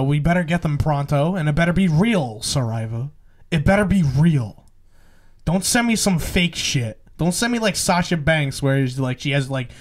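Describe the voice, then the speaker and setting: A man co-hosting a podcast, talking bluntly and profanely in casual joking chat. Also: a little high. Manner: blunt, profane, jokey, laughs often. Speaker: podcast co-host.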